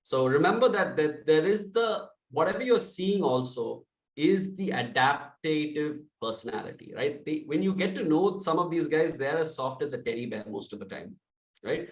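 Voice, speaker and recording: Loud energetic man coaching sales, roomy sound. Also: fairly high pitch, moderate pace, far from the mic. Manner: loud, energetic, acts out sample calls. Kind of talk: sales training talk.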